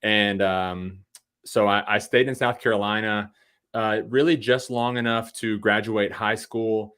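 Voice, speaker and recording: A man's voice: lowish voice, fairly even intonation, a little slow, a bit bright, smooth. A man in his thirties from Virginia, a podcast guest chatting casually with self-deprecating jokes and lots of fillers. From Virginia, USA. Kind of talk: casual interview chat.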